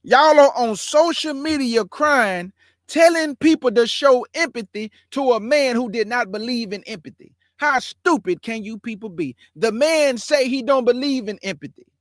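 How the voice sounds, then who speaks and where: The recording is dry and close with no room echo as a notably high-voiced man, host of his own show, delivers commentary in a fiery preaching style. At a normal speed, he drives each point home through emphatic repetition.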